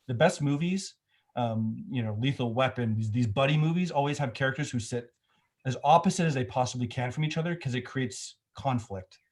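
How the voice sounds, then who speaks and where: A man's voice: mid-range voice, brisk. A middle-aged man, a film director, talking in a casual remote interview, thoughtful and rambling with many restarts.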